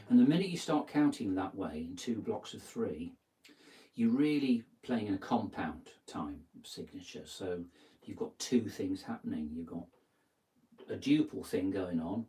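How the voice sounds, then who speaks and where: A man giving a relaxed guitar lesson, thinking aloud and counting out beats as he plays. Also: lowish voice, moderate pace. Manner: thinking aloud, counts beats and sings lyric snippets while playing. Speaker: guitar teacher. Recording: distant mic with guitar playing.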